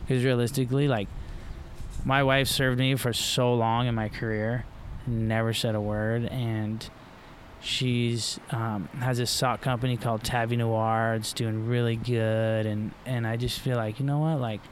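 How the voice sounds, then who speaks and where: Middle-aged florida guy rambling on a podcast, tons of fillers, normal pitch, faint noise behind. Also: flat delivery, a little slow. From Florida, USA. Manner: loose and rambling, full of fillers and restarts. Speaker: guest, professional surfer. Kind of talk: casual podcast conversation.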